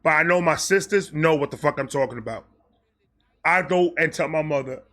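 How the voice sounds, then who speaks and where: A high, bright-voiced man with a New York accent telling a wild storytime with big animated energy. He swears freely, acts out voices and keeps dropping into low, muttered asides. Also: a little fast. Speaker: storyteller host.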